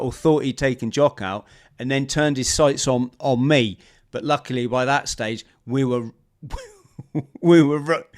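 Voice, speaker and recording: A man, a former marine guest on a podcast, telling a lively story and acting out the shouts, talking over a video call. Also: medium pitch. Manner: animated storyteller, acts out shouted quotes. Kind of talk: storytelling interview.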